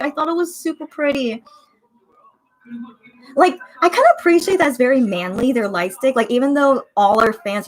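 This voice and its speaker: A young woman hosting a casual livestream, chatting emotionally and reading viewer comments aloud. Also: high-pitched. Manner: gushing, emotional, chatty, reads out chat comments. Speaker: livestream host reacting with fans. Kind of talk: casual watch-party livestream.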